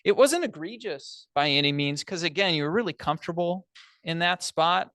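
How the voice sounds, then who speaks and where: A man's voice: fairly high pitch, expressive, normal speed, a bit bright, no echo. Upbeat man giving a friendly speech evaluation. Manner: encouraging, conversational, plain-spoken. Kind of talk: spoken speech evaluation to an audience. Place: large meeting room.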